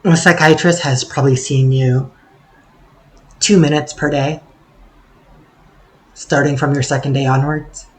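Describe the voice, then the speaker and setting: A man's voice: fairly high pitch, fairly even intonation, a little slow, long pauses, poor audio. A man talking in a casual vlog monologue, sarcastic and swearing freely, rambling with plenty of fillers. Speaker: vlogger.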